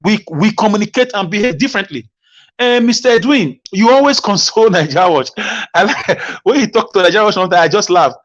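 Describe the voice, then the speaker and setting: A man calls in to a live discussion, his voice sitting high for a man. He talks with passion and stumbles over his opening words. The call audio is dull and lo-fi. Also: animated, a little fast. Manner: passionate, repeats words when starting phrases. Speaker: caller.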